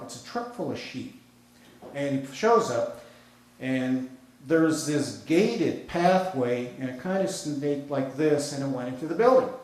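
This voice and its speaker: A man's voice: mid-range voice, darkish tone. A man preaching a sermon with an American accent, talking in a conversational, folksy storytelling way with casual asides. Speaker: pastor. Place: church sanctuary. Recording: very echoey church hall.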